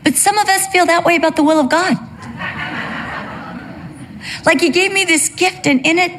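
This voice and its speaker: A woman's voice: medium pitch, darkish tone. An older woman telling a humorous personal story that turns into a sermon, acting out the voices she quotes. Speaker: speaker giving a testimony.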